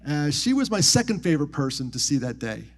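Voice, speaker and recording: Animated male speaker, slightly high voice. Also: a little fast. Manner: animated, acts out quoted voices with big pitch jumps; drops to soft, quiet tones on grief. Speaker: motivational speaker. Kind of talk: live storytelling talk on suicide prevention. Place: military base venue.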